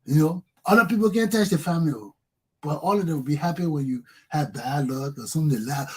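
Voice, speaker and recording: A man's voice: on the high side, fast talker, a little mellow, husky. A man with a Liberian English accent hosting a talk show, delivering an angry, profane political monologue. He keeps repeating phrases and ends lines with "man".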